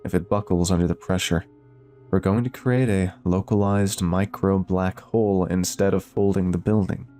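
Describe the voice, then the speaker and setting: Man reading a cool-headed woman scientist, calm, precise, slightly raised dark voice, horror storybook. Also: low voice, moderate pace, soft background music, lightly acted.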